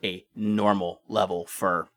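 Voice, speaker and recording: A man co-hosting a casual album discussion podcast, talking in a halting way with many fillers. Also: deep voice, flat delivery, creaky, fairly bright tone, dry recording, studio quality. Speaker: podcast co-host.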